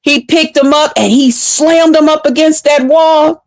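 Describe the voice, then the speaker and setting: Profane storytelling woman, high-pitched. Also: measured pace, dry recording. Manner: animated, profane, acts out relatives' voices. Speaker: vlogger. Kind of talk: casual storytelling to viewers.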